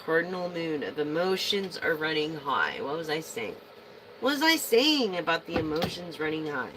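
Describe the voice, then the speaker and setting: A woman's voice: low-pitched, very animated, normal speed, fairly bright tone, a little hiss or hum, low-quality recording. A woman reading tarot to her viewers in a rambling, casual way, swearing freely as she vents. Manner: rambling, profane venting. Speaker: tarot reader.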